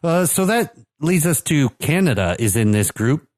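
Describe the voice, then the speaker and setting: A man with a fairly high, sing-song voice and a darkish tone co-hosts a podcast at a moderate pace. He chats casually about soccer teams, stumbling through many fillers and restarts.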